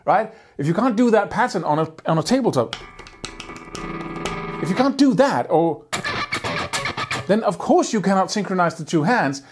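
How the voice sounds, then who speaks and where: A man's voice: high-pitched, lively intonation, normal speed, pauses often, darkish tone. A man teaching guitar picking in a video lesson, talking energetically and emphatically and singing out rhythms with syllables.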